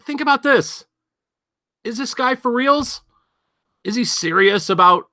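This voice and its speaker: Bright-voiced man rambling through news. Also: extremely high pitch, animated, measured pace, long pauses, dry recording, clean studio sound. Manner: rambling, sardonic, thinking aloud with many fillers. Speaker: podcast host. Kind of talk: casual news commentary.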